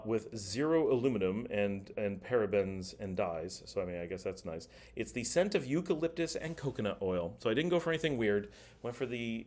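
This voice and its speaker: A man's voice: lowish voice, darkish tone. A middle-aged man hosting a casual livestream, chatting and reading viewer comments aloud. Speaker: livestream host.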